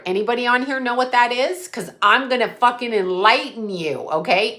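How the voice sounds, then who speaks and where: A woman with a bright, forceful voice hosts a casual livestream and talks directly to her chat. She rambles from one story to the next and swears freely, at an average pitch. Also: sing-song, unhurried. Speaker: psychic medium livestream host.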